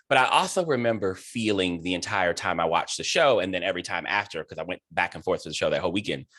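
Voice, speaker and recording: Effusive low-voiced male interview host. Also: fairly bright tone, no echo. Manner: effusive, emotional, heartfelt. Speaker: host and theater director. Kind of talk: casual interview chat.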